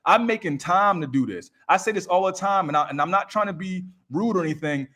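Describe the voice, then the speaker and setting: A man's voice: high voice, expressive, fairly quick, a bit bright. A man giving an emphatic, repetitive motivational coaching talk on a live stream, speaking into a microphone. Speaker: raw vegan coach.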